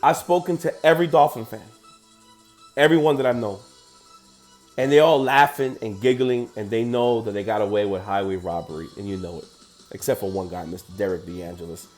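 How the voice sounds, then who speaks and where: A man's voice: fairly low pitch, steady tone, brisk, darkish tone, faint music behind. A man hosting a sports podcast, ranting heatedly and profanely about football results.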